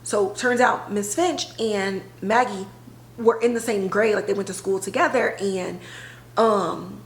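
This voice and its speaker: A woman podcast host retelling a TV episode in a casual, animated way, full of filler words. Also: medium pitch, a little slow, echoey room, poor audio. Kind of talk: casual storytelling recap.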